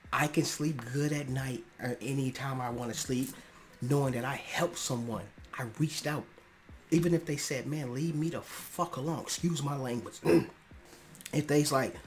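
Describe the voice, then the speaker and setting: A young man hosting his own podcast, speaking in a personal, earnest monologue that swells into emphatic outbursts, casual and slangy, often clearing his throat. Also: mid-range voice. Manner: casual slangy speech with restarts. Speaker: podcast host. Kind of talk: personal monologue on mental health.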